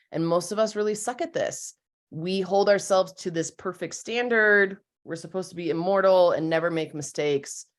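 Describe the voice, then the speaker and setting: A woman therapist leads a webinar in a slightly low voice. She talks gently and candidly, coaching listeners through exercises in relaxed, casual wording. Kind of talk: webinar talk with guided exercises.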